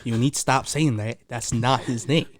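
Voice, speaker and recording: A man's voice: medium pitch, fairly even intonation, moderate pace. A man co-hosting a podcast in casual joking chat, teasing and profane, with mock-angry outbursts. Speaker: podcast co-host.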